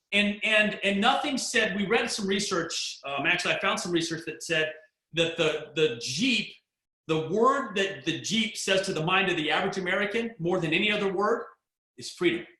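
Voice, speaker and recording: Animated storytelling man, bright voice. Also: high-pitched, echoey room. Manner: animated storyteller with frequent restarts. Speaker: network marketing distributor. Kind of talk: storytelling talk.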